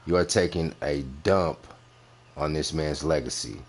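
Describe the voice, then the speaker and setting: A man's voice: a bass voice, a little slow. A man hosting a reaction commentary, bluntly and mockingly picking apart a clip, repeating his points for emphasis. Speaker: commentary host reviewing clips.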